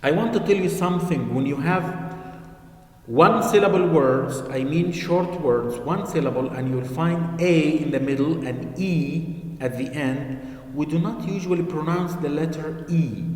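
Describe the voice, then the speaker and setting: A male teacher giving an online phonics lesson to children, slow and patient, repeating key words. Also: fairly high pitch. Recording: echoey room with long reverb.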